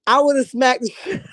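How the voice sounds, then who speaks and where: A woman recapping a reality show in a lively, laughing, slangy way, chatting with her live viewers and calling them honey and baby. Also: fairly high pitch, no echo, studio quality. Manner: animated, laughing storyteller, slangy and blunt; calls her viewers 'baby', 'honey' and 'child'. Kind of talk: casual recap chat, reading live chat.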